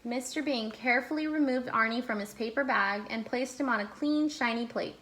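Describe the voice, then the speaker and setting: A woman reading a children's picture book aloud in an expressive, gently paced way. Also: a little high, a little fast. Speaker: storyteller. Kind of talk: children's storybook read-aloud.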